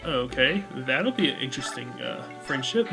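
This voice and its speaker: A man's voice: medium pitch, lively intonation, moderate pace, loud music behind the voice. A man hosting a let's play, talking casually in a rambling, distracted way. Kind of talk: casual gameplay commentary.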